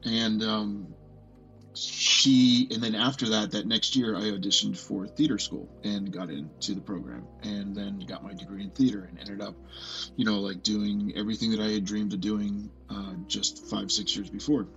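A man in his forties telling a personal story as a podcast guest, earnest and halting, often restarting and filling with "like". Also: lowish voice, steady tone, fairly bright tone, highs cut off, faint music behind. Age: 40s.

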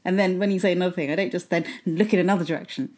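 A woman's voice: on the low side, racing, a little mellow. A woman co-hosting a comedy podcast, teasing her partner and pressing her points with playful persistence. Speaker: podcast co-host. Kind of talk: comedic casual banter.

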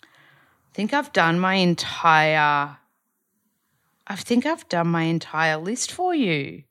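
Australian woman, young adult, podcast host, upbeat rambling chat, low pitch, dry close sound. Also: very animated, slow, fairly bright tone, dry recording. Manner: chatty, upbeat, rambling with fillers. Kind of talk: casual solo podcast update.

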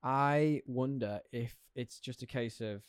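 A man's voice: medium pitch, smooth, no echo. Chatty man on a dry podcast mic. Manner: quick, chatty, laughs often. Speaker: podcast co-host. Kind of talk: casual chat.

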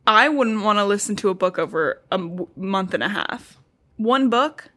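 A woman's voice: medium pitch, lively intonation, normal speed, fairly bright tone. A woman co-hosting a casual podcast with her husband, teasing and scolding him in an exasperated way. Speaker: podcast co-host. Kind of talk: casual chat.

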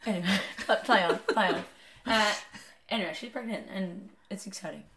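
A woman's voice: medium pitch, normal speed, fairly bright tone. A woman co-hosting a podcast, chiming in with teasing remarks and casual swearing. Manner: teasing, chimes in, swears freely. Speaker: podcast co-host. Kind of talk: casual chat.

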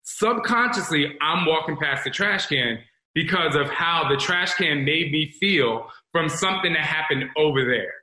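Bright, roomy-sounding man in his forties. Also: fairly high pitch, animated, moderate pace. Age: 40s. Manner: rambling, confessional, addresses listeners as y'all. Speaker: self-improvement talk host. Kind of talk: candid motivational talk to an audience. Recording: roomy echo.

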